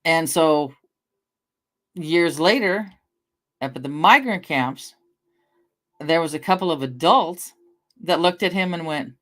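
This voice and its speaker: A woman's voice: low voice, expressive, takes it slowly, pauses often, fairly bright tone. A middle-aged woman from the American Northwest, chatting casually on a livestream. She rambles through anecdotes, swears casually and answers her chat.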